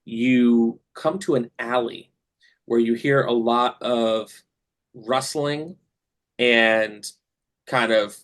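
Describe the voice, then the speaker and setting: A man's voice: medium pitch, steady tone, extremely slow, pauses often, a bit bright. Man narrating as game master, filler-heavy. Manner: descriptive, with many fillers.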